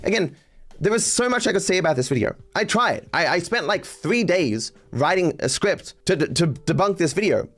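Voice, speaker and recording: A man's voice: high voice, expressive, moderate pace, a bit bright. A man in a played video clip, explaining himself earnestly and calling himself a poor speaker. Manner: earnest, self-deprecating explaining. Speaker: content creator.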